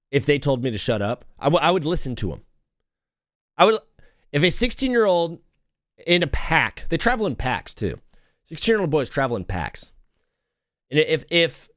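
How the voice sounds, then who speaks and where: Excitable young man hosting a talk show. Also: mid-range voice, no echo, clean studio sound. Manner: excitable, self-mocking, jumps between topics. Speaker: radio show host. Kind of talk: casual live talk show rant.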